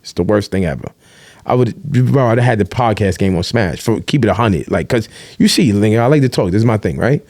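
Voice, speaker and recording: A man in casual chat, telling animated stories in streetwise slang and swearing freely. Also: lowish voice, fairly quick, no echo, clean studio sound. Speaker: podcast guest, vlogger.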